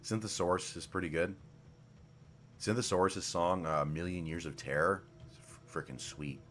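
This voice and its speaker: A man's voice: sits low, fairly even intonation, moderate pace, fairly bright tone, a little hiss or hum. A man casually commenting while streaming a game, rambling and swearing, with mumbled asides, speaking into a desk microphone.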